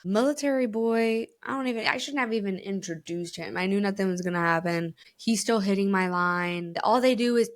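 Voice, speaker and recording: A woman's voice: medium pitch, steady tone, brisk, few pauses. Candid, profane woman podcast host. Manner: candid, profane, rambling storytelling with frequent laughter. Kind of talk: casual chat.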